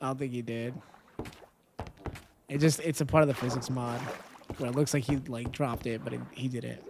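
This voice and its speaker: A live streamer chatting casually with viewers while playing, counting steps aloud and breaking into loud, dismayed outbursts when things go wrong. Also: mid-range voice, fairly even intonation, normal speed, noisy background.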